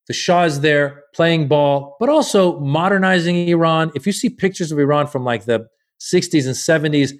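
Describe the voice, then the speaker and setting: Animated man telling a story. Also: on the high side, normal speed. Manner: animated, acts out quoted people; profane, loose. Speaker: comedian guest. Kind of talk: casual podcast storytelling.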